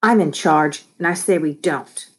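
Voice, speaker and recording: A woman's voice: deep voice, unhurried, breathy edge. A woman voicing a bossy young boy who runs a small business, talking in a bratty, emphatic way.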